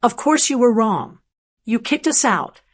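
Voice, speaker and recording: A woman's voice: fairly high pitch, animated, measured pace. A woman voicing a furious grown son who sputters and stammers accusations at his mother in a narrated story. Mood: angry accusing. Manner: angry, stammering.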